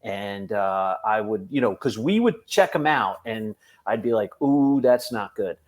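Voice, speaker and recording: A man, a police officer, telling a funny work story on a podcast, animated and laughing through it. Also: lowish voice, unhurried.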